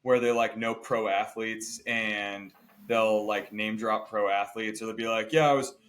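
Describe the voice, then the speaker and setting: A man co-hosting a casual podcast, telling stories in an animated way and mimicking the people he describes. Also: lowish voice, measured pace. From Indiana. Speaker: podcast co-host. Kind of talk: casual chat.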